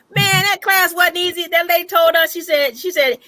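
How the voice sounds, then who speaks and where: A woman hosting an online birthday chat, telling animated stories and laughing often. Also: very high-pitched, normal speed, dry recording. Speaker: host. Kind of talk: casual chat. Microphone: online call.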